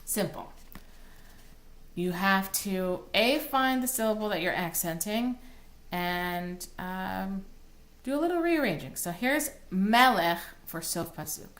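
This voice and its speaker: A woman's voice: medium pitch, lively intonation, takes it slowly, a bit bright. A woman cantor teaching Torah cantillation, explaining plainly and breaking into short sung chant phrases. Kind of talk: recorded online lesson.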